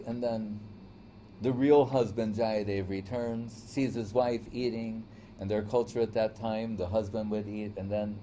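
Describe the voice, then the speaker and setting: A man's voice: lowish voice, mellow, slight background noise. A man teaching a devotional lecture in a conversational storytelling way, often checking in with "right?". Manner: storytelling, acts out quoted voices. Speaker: spiritual teacher.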